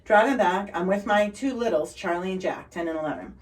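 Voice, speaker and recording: A middle-aged woman with a Boston accent tells stories as an interview guest, bright with relentless positivity. Her voice sits at an ordinary pitch and sounds set back from the microphone. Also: fairly quick, far from the mic, poor audio. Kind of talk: upbeat storytelling in conversation.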